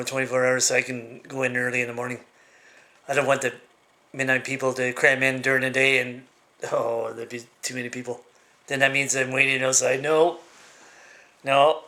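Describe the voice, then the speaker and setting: A man vlogging in a casual monologue, rambling and halting with lots of fillers and restarts, giving blunt, opinionated rants. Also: medium pitch, sharp tone.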